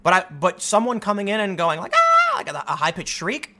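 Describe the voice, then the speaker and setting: A man talking through a casual commentary monologue, animated and often restarting his sentences. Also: high-pitched, fairly quick. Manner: animated, repeats himself, many restarts. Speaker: commentary host.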